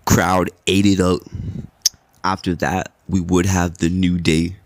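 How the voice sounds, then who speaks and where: A man's voice: low-pitched, level tone, slow pace, no echo. A young man hosting a podcast, giving a casual, rambling recap of wrestling in a sleepy, laid-back way with lots of filler words and swearing. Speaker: podcast host.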